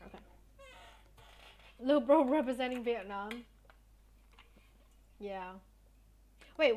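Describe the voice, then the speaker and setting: A young woman streamer chatting casually with her viewers, telling a story in a blunt, indignant way and swearing often. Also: fairly high pitch.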